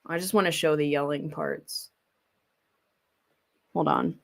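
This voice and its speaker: A woman hosting casual reaction commentary, talking bluntly in a rambling way and swearing freely as she pauses a clip to weigh in. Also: sits low, steady tone, vocal fry. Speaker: commentary host.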